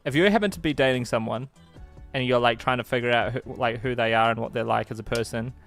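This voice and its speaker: A man co-hosting a casual live stream from home, rambling with halting restarts and laughter. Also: medium pitch, a bit bright, soft background music. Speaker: co-host.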